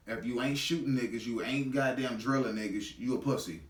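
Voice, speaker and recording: A man's voice: medium pitch, moderate pace, few pauses, reverberant, distant mic, very noisy. A man giving a heated, profane reaction commentary in blunt street slang.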